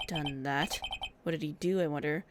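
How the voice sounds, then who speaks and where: A woman's voice: deep voice, steady tone, normal speed, noisy background. A woman streamer casually commenting on a game, chatty and playful.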